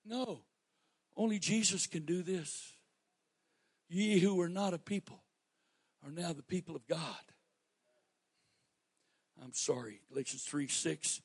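Pastor, male, Southern accent; high gravelly voice, dry close sound, dynamic preaching delivery. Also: slow, pauses often, dry recording. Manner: preaching, swinging from quiet asides to shouted emphasis. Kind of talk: sermon.

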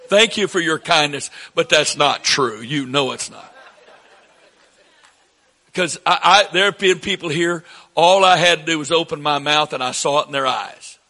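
A man in his sixties with a Southern accent preaches with a high, bright, ringing voice. His phrases surge upward for emphasis, then fall to soft, conversational asides. The sound carries the long reverb of a church hall. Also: normal speed. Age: 60s. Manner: preaching with emphatic rises, then dropping to quiet asides to the congregation. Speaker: pastor. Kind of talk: sermon.

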